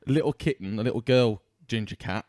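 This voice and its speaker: A man's voice: medium pitch, brisk, darkish tone, dry recording, clean studio sound. A man co-hosting a podcast, telling stories in casual, sweary chat. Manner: chatty storyteller, sweary. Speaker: podcast co-host.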